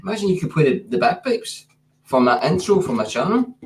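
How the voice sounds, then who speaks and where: A laid-back Scottish man chatting on a livestream and swearing casually. His pitch swings up and down in a lively way. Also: fairly quick. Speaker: guest on a livestream. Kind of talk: casual chat.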